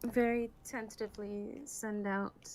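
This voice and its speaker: A woman's voice: mid-range voice, level tone, a little slow, a little mellow, faint music behind, low-quality recording. A woman narrating her character's actions as a player in a tabletop game, hesitant and laughing. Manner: hesitant, many fillers, laughs.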